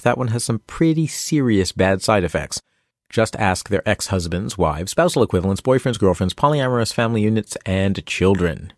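A man's voice: lowish voice, no room sound. A middle-aged man reading a self-help lesson in a scripted way, with dry, wry humor and playful asides.

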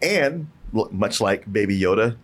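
A man with an average-pitched voice co-hosts a relaxed film review chat. He jokes and acts out characters, letting his pitch leap around. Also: a little slow. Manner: playful, acts out characters while joking. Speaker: podcast co-host. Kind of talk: casual movie review chat.

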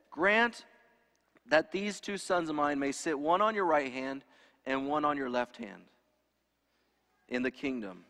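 A man's voice: a little high, fairly bright tone. Preaching man in a reverberant hall. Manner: conversational preaching with rhetorical questions to the congregation. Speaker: pastor. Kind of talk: sermon.

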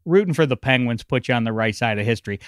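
A man's voice: mid-range voice, expressive, quick pace, clean tone, dry recording, clean studio sound. A male podcast co-host ranting with mock indignation in casual chat.

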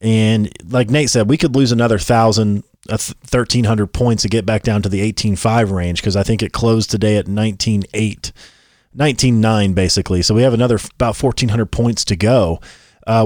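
A man's voice: fairly low pitch, fairly quick, a little mellow, no room sound, studio quality. A man hosting a casual podcast chat, laying out figures and prompting his co-host with questions.

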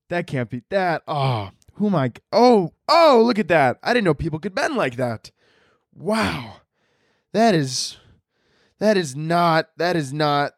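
A man's voice: fairly high pitch, no echo, studio quality, exaggerated voice. A man doing a startled saint gawking from heaven. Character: bewildered saint peering down from heaven, male.

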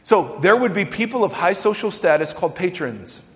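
A male pastor delivers an animated sermon in a fairly high voice, pressing his points with rhetorical questions and sudden emphasis. His voice rings out with a long reverb, as though filling a large church sanctuary. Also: normal speed.

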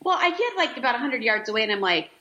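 An older woman, a grandmother, telling a story on a podcast in a casual chatty way and acting out her own lines with a lively lift in her voice. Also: fast, highs cut off. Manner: animated, acts out her own lines in a higher voice. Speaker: podcast co-host.

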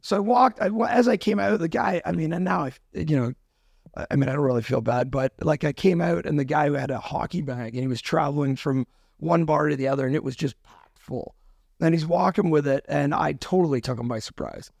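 Gravelly storytelling man, laughing often. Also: fairly high pitch, fairly quick, no room sound, studio quality. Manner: animated, laughing storyteller with frequent restarts. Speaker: podcast guest, restaurant owner. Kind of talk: casual storytelling. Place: studio.

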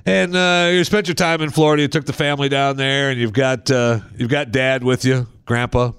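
A man hosting a talk show in comic storyteller mode, acting out scenes with lively jumps in his delivery. His voice sits at an ordinary middle pitch. It is recorded close and dry. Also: a little fast, clean tone, dry recording. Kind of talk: comedic talk-show banter.

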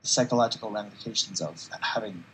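A man's voice: on the low side, quick pace, a bit bright, a little hiss or hum, poor audio. A man hosting a podcast who recaps a comic casually and animatedly, acting out quotes. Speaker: podcast host.

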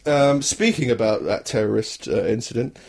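Wry husky man chatting. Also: lowish voice, animated, moderate pace, a little mellow. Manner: wry, sarcastic, slips into mocking quoted voices. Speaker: podcast co-host. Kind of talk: casual chat.

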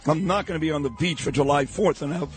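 A man hosting a talk radio show, brash, fast and emphatic. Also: on the high side, faint music behind. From New York. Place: radio studio.

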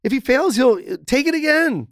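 A middle-aged man, a comedian guest in a casual interview, telling stories in an animated, profane, rambling way. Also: extremely high pitch, fairly quick, dry recording, clean studio sound.

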